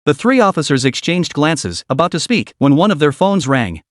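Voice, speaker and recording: A man narrating a dramatic comic story in a scripted, expressive style. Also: a little high, normal speed, no room sound, studio quality.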